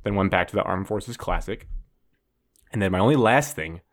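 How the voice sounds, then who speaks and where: A man's voice: deep voice, animated, moderate pace. A young man hosting a casual podcast, retelling a story in a rambling way full of fillers and restarts. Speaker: podcast host.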